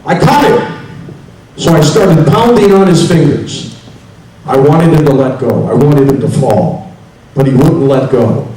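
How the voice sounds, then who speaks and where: A man voicing a jealous husband in a joke, telling his story in a low, deadpan way. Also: unhurried, close to an everyday voice. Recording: echoey hall from far off, faint hiss.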